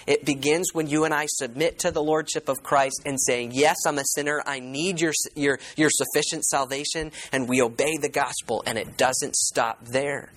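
A man's voice: medium pitch, fairly bright tone, rough recording. A man preaching a sermon as pastor. He reads scripture aloud, explains it verse by verse, repeats key words and puts questions to the congregation.

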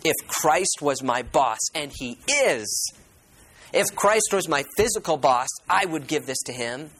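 A man's voice: a little high, animated, measured pace, fairly bright tone, breathy edge, poor audio. A man preaching a sermon as pastor. He reads scripture aloud, explains it verse by verse, repeats key words and puts questions to the congregation.

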